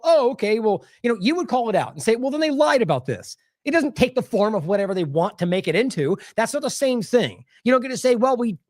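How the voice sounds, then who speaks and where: A man's voice: high voice, dry recording, clean studio sound. A man hosting an independent news show, commenting on clips in a casual, exasperated and sarcastic way with scoffing laughs.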